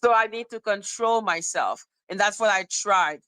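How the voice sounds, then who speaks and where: A woman's voice: medium pitch, moderate pace, fairly bright tone, dry recording, rough recording. A woman hosting a commentary channel, talking through a casual monologue in a blunt, emphatic way and swearing freely.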